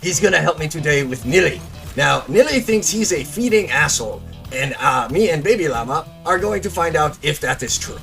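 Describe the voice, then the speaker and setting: Lively male game reviewer, chatty. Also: on the high side, a little fast, creaky, soft background music. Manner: chatty, explains with stops and restarts. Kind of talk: casual gameplay review commentary.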